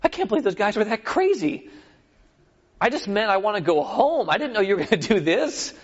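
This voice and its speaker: A man's voice: high-pitched, big pitch swings, brisk, voice pushed up, exaggerated voice. A man voicing an exasperated biblical king who scolds his own men in disbelief, as part of a sermon. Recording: dull lo-fi recording.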